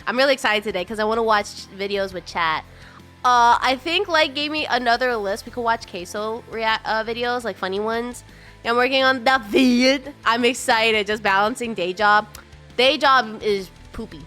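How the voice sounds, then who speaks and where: A woman streaming live, chatting casually with her viewers, bubbly and chatty, greeting them in a high sing-song and often laughing. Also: normal speed, fairly bright tone, soft background music.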